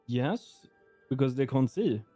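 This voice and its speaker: A man in casual in-character role-play chat, hesitant and soft-spoken. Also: mid-range voice, expressive, slow, slightly rough, no echo, soft background music.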